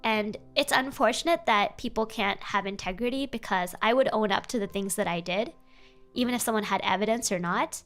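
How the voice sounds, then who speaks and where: A young adult woman streaming casual advice chat, animated and playful, jumping up in pitch for emphasis. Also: fairly quick, faint music behind. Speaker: vtuber streamer giving advice.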